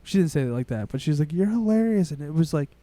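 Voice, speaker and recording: A young man, co-hosting a podcast and telling a long story in a rambling, excitable way, swearing often. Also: on the high side, racing, no room sound. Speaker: podcast co-host. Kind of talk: casual storytelling chat.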